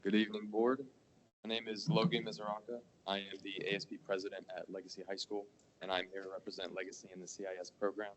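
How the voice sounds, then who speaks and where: A man's voice: deep voice, level tone, fast, a little hiss or hum, low-quality recording. Earnest teenage boy at a board meeting. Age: teens. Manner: earnest, stumbles and restarts. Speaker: student giving public comment. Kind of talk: public comment at a school board meeting. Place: meeting hall.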